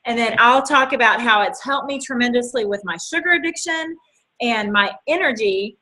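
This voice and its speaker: A woman's voice: fairly high pitch, moderate pace, bright, forceful tone, poor audio. A woman with a Southern US accent co-hosting a casual chat, talking enthusiastically and agreeing readily. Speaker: network marketing co-host. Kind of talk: casual sales coaching chat.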